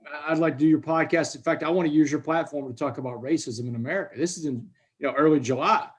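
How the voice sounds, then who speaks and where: Man, 40s, fairly high voice, emphatic storyteller on a video call. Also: fast. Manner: emphatic, repeats words, addresses listeners as "man" and "y'all". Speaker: guest speaker. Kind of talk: conversational storytelling.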